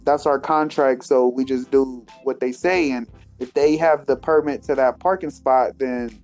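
A man putting on the voice of a relaxed tow company worker who talks in easy slang. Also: medium pitch, unhurried, soft background music, pitched below the performer's own voice, natural voice. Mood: offhand. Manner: casual, unbothered, slangy. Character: laid-back male tow company worker.

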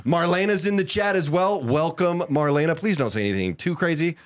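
A young man hosts a casual livestream chat show. His pitch jumps around in a lively, animated way as he teases the others and laughs between lines. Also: brisk. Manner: teasing, laughs often, greets chat. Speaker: podcast host.

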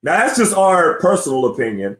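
A man's voice: on the high side, fairly quick. A man in his forties hosting a casual sports interview. He tells old stories with a lot of energy and keeps asking "you know what I mean?". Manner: animated storytelling, often says "you know what I mean". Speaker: podcast host, former NBA player. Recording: roomy echo.

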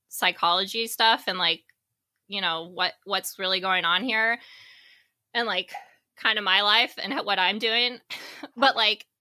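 Bright-voiced woman podcast co-host. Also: medium pitch, no room sound, clean studio sound. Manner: rambling, filler-heavy, joking. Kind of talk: casual chat.

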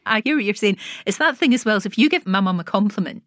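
A woman's voice: mid-range voice, lively intonation, quick pace, no room sound, studio quality. A woman hosting a casual interview, laughing as she chats. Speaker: host. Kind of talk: casual chat.

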